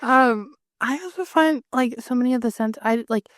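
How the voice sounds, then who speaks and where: A woman with a fairly high voice, telling a story on a podcast. She voices the people in her stories as she goes. The sound is close and dry. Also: moderate pace, dry recording. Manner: animated, acts out dialogue in quotes. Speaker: podcast co-host. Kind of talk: casual storytelling.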